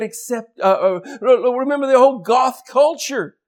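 A man preaching a sermon as pastor, swinging from loud shouted emphasis to quiet, low asides. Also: moderate pace.

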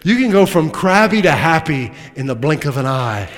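High-voiced preacher in a reverberant hall. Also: male voice, sing-song, moderate pace. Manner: dramatic preaching that swings from loud emphatic lines to hushed asides; humorous asides with laughter. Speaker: pastor. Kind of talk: sermon. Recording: long reverb of a large hall.

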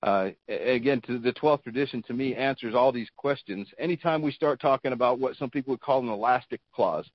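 A man speaking in a group discussion, measured, with slightly formal phrasing. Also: mid-range voice, slightly rough, dry recording. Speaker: meeting participant. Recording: dull dry lo-fi audio.

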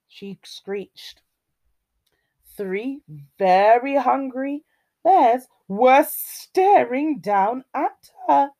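A woman reading a fairy tale aloud to children, expressive and sing-song, talking to her young listeners. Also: sits high, drawn-out words. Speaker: children's storyteller.

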